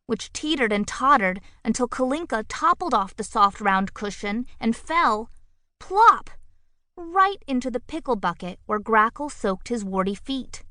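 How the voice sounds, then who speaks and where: A woman narrating a children's picture book audiobook with expressive, playful storytelling on a close studio mic. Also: on the high side, normal speed, hardly any pauses, dry recording.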